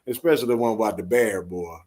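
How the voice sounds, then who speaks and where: A man's voice: on the low side, fast, darkish tone. A man with a Southern US accent hosting a casual late-night talk show, laughing and telling stories full of folksy sayings. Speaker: host.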